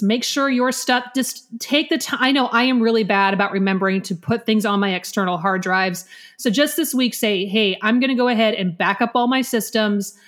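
A woman's voice: fairly high pitch, a bit bright. Playful American woman co-hosting a podcast. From United States. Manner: playful, teasing, mock-serious. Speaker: podcast co-host. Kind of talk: casual podcast chat.

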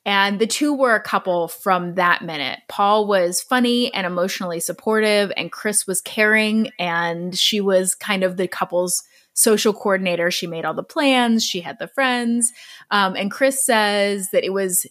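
A woman's voice: mid-range voice, measured pace, fairly bright tone. A woman hosting a podcast, telling a true story in a chatty, earnest way and laughing easily.

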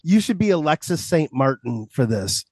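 A man's voice: a little high, big pitch swings, moderate pace, darkish tone, slightly rough, dry recording. Male podcast co-host, playful and teasing, dry close mic. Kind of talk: casual podcast chat.

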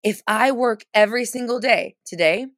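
A woman's voice: a little high, normal speed, fairly bright tone, no echo, studio quality. A woman giving casual, chatty coaching on a live stream, full of fillers and restarts, stressing points by repeating phrases.

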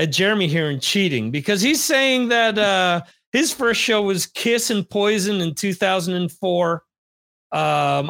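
Dry-voiced podcast host, fairly high. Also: male voice, a bit bright, no room sound. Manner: rambling, many restarts and fillers. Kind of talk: casual chat.

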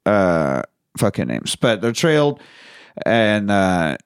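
A man's voice: lowish voice, big pitch swings, takes it slowly, clean tone. Laid-back man swearing through a recap. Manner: swears freely, acts out characters' lines. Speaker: podcast co-host. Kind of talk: casual movie recap chat.

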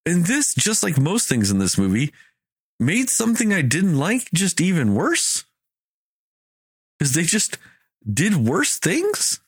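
A man's voice: sits high, huge pitch swings, slow pace, long pauses, husky, no room sound, studio quality. A man in casual chat, ranting in an exasperated way, swearing and acting out lines of dialogue. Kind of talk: casual movie review chat.

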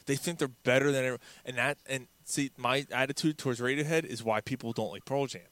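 A man's voice: mid-range voice, fairly quick, fairly bright tone, no room sound. Casting: male podcast co-host, foul-mouthed and rambling, dry close sound. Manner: profane, rambling, digressive. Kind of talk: casual chat.

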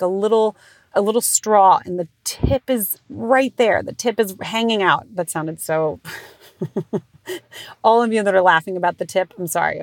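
A woman in her thirties hosts her own podcast and talks in a frank, profane, self-mocking way. When she quotes herself, her voice jumps up into high squeals. The sound is close and dry, with no room around it. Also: dry recording. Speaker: podcast host. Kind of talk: casual comedic monologue.

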